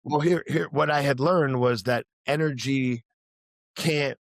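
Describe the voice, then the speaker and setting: A musician on a podcast, this man tells a rambling personal story in an earnest, reflective way, full of restarts and fillers. His voice is mid-range and his pace measured, in a dry recording.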